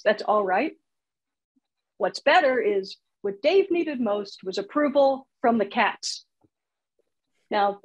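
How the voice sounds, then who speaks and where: A woman's voice: fairly high pitch, a little mellow, husky, dull audio. A woman teaching comedy writing in a casual online workshop, chatty and laughing at her own examples, heard over a video call.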